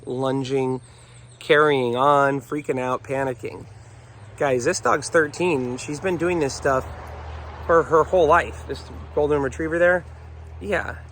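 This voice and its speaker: A man working as a dog trainer, talking casually to camera outdoors in the morning, earnest and addressing viewers directly as folks while rattling off lists. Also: mid-range voice.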